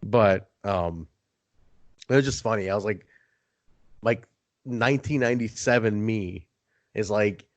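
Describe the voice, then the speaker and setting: A man's voice: lowish voice, measured pace, long pauses, dry recording, dull audio. A man hosting a podcast, telling a story in casual chat, acting out other people's lines and swearing for effect. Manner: animated storyteller, swearing, acting out quoted voices. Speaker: podcast host.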